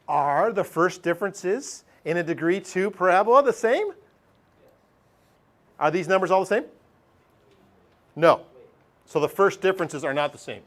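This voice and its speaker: A man's voice: high-pitched, expressive, moderate pace, long pauses. A middle-aged man teaching a math lesson over a screen recording, chatty, thinking aloud and putting questions to himself.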